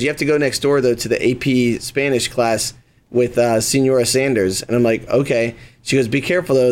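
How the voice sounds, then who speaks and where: A young man in casual podcast chat, telling a story with lively energy and playing the other people in it. His pitch sits in the ordinary middle range for a man. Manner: animated storyteller, acts out quoted voices. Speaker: podcast co-host.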